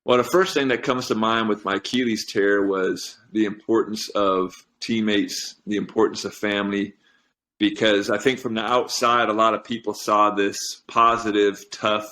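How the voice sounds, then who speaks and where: Middle-aged male guest, earnest storyteller, low pitch, emotional undertone. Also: fairly even intonation, normal speed, pushed and bright. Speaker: podcast guest, strength coach. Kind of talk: casual interview chat.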